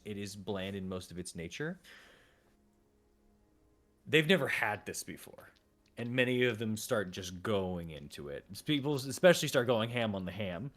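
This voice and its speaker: Rambling male game master narrating. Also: fairly low pitch. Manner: rambling, self-correcting narration with frequent fillers. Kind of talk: narrating a live tabletop game.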